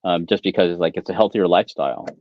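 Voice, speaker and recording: A man guesting on a podcast, talking in a relaxed, rambling way full of "you know". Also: sits low, fast talker, no echo, highs cut off. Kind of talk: casual podcast chat.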